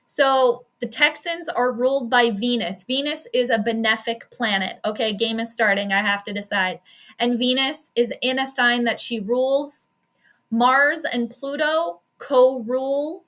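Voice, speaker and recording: A woman chatting casually on a live stream, giving an astrology prediction and reacting to a football game as it plays, with quick asides and self-deprecating jokes. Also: on the high side, fairly bright tone. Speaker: sports astrology streamer and commentator.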